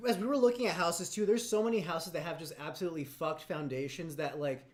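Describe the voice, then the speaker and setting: A man with a notably high voice chats on a livestream and tells stories casually. His talk is loose and full of fillers, and he swears freely. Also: fast talker. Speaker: co-host on a livestream. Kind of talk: casual storytelling chat.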